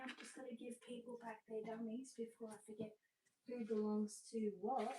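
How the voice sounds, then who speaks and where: A woman's voice: fairly high pitch, flat delivery, moderate pace, mellow, a little hiss or hum, poor audio. An Australian woman hosts a live sales showcase, gushing over each item as she talks. Her speech is chatty and loose, full of little fillers and restarts. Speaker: seller presenting reborn dolls.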